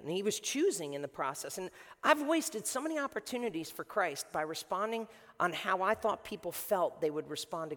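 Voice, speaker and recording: A male pastor with a notably high voice delivers a lively, conversational sermon, often restarting phrases for emphasis. His voice carries a long reverb from the large church hall.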